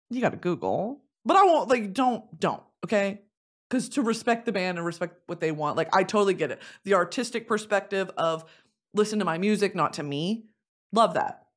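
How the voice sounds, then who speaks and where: A young woman in her twenties telling a funny story in casual chat as a podcast host, dropping to low mutters and rising to squealing laughs. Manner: animated, swings from low confiding mutters to shrieking laughs and squealed whispers.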